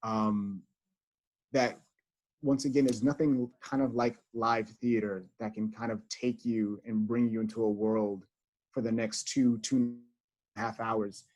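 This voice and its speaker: A man's voice: lowish voice, level tone, a little slow, darkish tone, dull audio. A man talking earnestly on a video call as a theater house manager, reflecting with many fillers. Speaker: associate house manager, guest.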